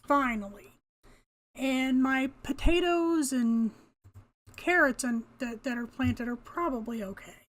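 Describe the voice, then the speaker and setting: A woman's voice: high-pitched, takes it slowly. An older woman talking casually to herself as she plays a video game, laughing often and cursing mildly at the game's creatures. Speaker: gamer. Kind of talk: casual gameplay commentary.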